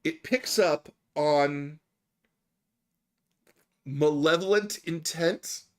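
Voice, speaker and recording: A man voicing a stern, suspicious woman library patron, flat and matter-of-fact. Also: fairly high pitch, unhurried. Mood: deadpan.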